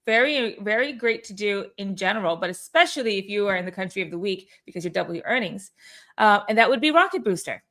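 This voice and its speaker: A woman's voice: medium pitch, expressive, fast talker, a bit bright. A woman hosting a weekly company call in a casual, upbeat, chatty way, with many fillers and restarts. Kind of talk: casual livestream chat.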